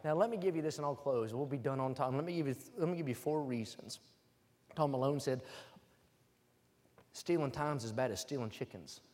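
A man from West Virginia preaching a humorous sermon, joking with the room and calling for amens as he builds to loud, emphatic points. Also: mid-range voice, brisk, pauses often. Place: church hall. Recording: reverberant hall.

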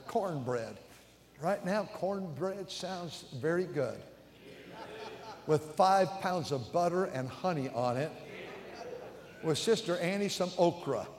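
A man's voice: fairly high pitch, darkish tone, slight background noise. A man in his seventies with an American accent, preaching a sermon as pastor and telling a story with stammering repeats. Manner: storytelling, stammering repeats, acts out quoted voices. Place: large church sanctuary. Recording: echoey church hall reverb.

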